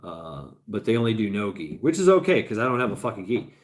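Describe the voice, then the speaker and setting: A fairly low-pitched man's voice swings widely in pitch and moves fast. He's in his forties, hosting a casual livestream chat, rambling, swearing freely, laughing a lot and repeating himself, worn out after hours on air.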